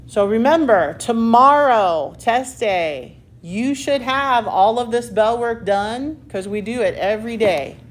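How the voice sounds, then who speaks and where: A woman math teacher working through algebra problems step by step in a classroom, with a patient manner and the odd self-mocking aside. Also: on the high side. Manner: slow, patient step-by-step explaining.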